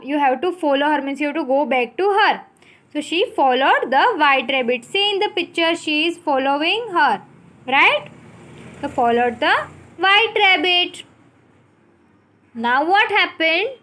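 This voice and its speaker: This high-pitched, slightly bright voice belongs to a woman teacher with an Indian English accent. She gives a recorded English lesson, going slowly through words and spelling each one letter by letter.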